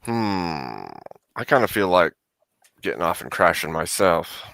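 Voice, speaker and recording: A man's voice: low voice, sing-song, unhurried, vocal fry, fairly bright tone, no room sound. A man in casual stream chat with goofy, dry wordplay.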